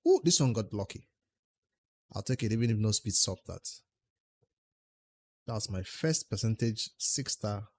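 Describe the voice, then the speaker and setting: A man's voice: on the low side, animated, unhurried, pauses often. A man with a Nigerian accent livestreaming a game, chatting casually, answering viewers' questions and muttering about his progress. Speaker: game streamer.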